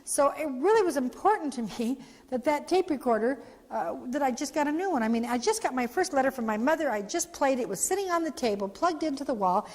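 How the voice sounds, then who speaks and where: A woman's voice: sits high, a little fast, few pauses. A woman, founder and parent trainer, giving a heartfelt training talk and acting out the voices in her story. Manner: heartfelt, animated, acts out quotes. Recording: echoey hall.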